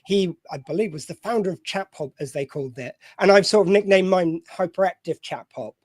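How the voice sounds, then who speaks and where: A man's voice: sits high, fairly quick, a little mellow, dry recording. A man with a slightly posh voice who hosts a show. He chats casually and rambles, with many fillers and restarts. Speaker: host. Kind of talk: casual chat.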